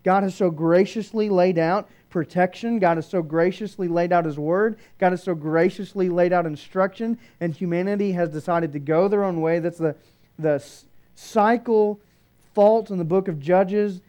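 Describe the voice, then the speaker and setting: Emphatic preaching man, mellow voice. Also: normal speed. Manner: emphatic preaching, swinging between raised declarations and hushed low passages. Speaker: pastor. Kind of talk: sermon.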